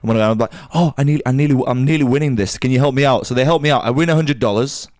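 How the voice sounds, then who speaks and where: A man's voice: medium pitch, very fast, darkish tone. A young man, a podcast co-host telling a long story in casual banter, stammering and swearing freely.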